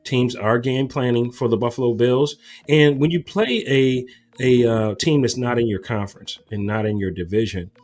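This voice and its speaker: Mid-pitched man reading game stats. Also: normal speed, darkish tone. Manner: reads game statistics with frequent fillers. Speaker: sports talk show co-host. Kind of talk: casual sports talk.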